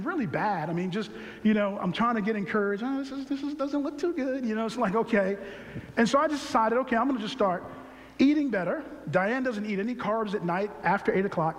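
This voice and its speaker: A man over forty gives an animated personal testimony with humor and shouted emphasis. His voice sits high for a man. It rings with the long reverb of a large hall. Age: 40s or older. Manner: emphatic, excited and humorous, shouting some words. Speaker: speaker sharing his health story.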